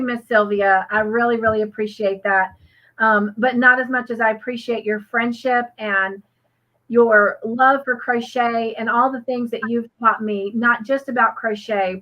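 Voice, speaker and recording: A woman's voice: a little high, highs cut off. Rambling woman on a livestream. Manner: rambling, many fillers and restarts; earnest and grateful. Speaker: co-host of a crochet livestream. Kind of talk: casual livestream chat.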